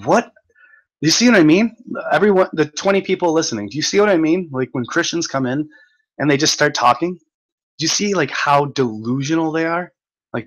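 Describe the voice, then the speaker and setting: A man's voice: fairly high pitch, a bit bright, rough recording. A young man hosting a livestream, reading the chat aloud and ranting at commenters with a mocking, exasperated manner, laughing often and swearing.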